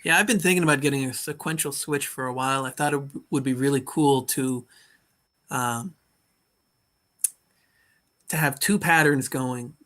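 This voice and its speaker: A man's voice: medium pitch, normal speed, pauses often, pushed and bright. A man chatting casually on a video call from his bedroom, thinking aloud and restarting his sentences. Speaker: modular synth hobbyist on a stream.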